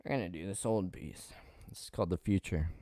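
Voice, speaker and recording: A man hosting a live-streamed poetry open mic. He reads poems with loud, impassioned outbursts and talks in relaxed, quick asides between them. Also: low voice, no room sound, studio quality. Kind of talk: live-streamed poetry reading and host talk.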